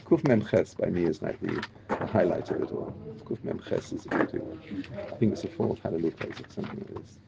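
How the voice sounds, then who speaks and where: A man teaching a religious class, talking in an animated, emphatic way and often repeating himself. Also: sits low, quick pace, vocal fry, highs cut off, very noisy. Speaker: Torah teacher.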